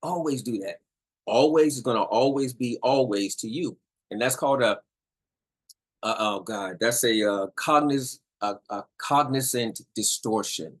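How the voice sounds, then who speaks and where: In a roughly recorded clip, a middle-aged man of medium pitch speaks a little slowly while teaching viewers about relationship communication in a casual way. His manner is emphatic, he restates his points, and he frequently asks "all right?".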